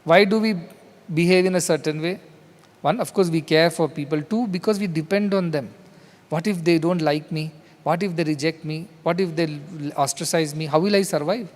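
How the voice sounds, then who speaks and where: A man's voice: on the high side, normal speed, in a large hall. A man with an Indian English accent giving a spiritual discourse, talking conversationally and acting out quoted dialogue in his stories. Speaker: spiritual teacher. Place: large hall.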